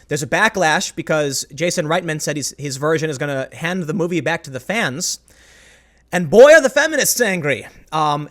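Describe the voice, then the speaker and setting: A man's voice: a little high, a bit bright. A man delivering a rambling, opinionated commentary monologue as host, often stopping and restarting his sentences. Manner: rambling, self-interrupting, emphatic.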